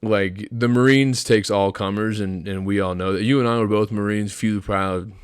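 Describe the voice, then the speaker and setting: A man's voice: fairly low pitch, normal speed, clean tone, dry recording, studio quality. A young man, a podcast co-host, telling a story in casual chat, swearing a lot and acting out what people said. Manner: profane, animated storyteller acting out quotes.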